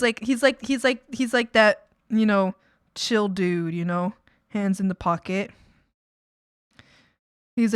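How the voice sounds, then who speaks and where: A woman's voice: medium pitch, a bit bright, dry recording, clean studio sound. A woman in her twenties chatting casually on stream, telling rambling family stories full of fillers and laughter. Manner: rambling, filler-heavy storytelling with frequent laughs. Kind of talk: casual chat.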